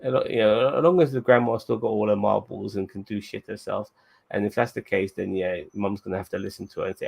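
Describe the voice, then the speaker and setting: A man hosts a podcast with a laid-back, rambling recap full of swearing. His voice sits low and carries a gravelly rasp. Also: steady tone, fast, a little mellow. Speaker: podcast host. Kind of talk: casual episode recap.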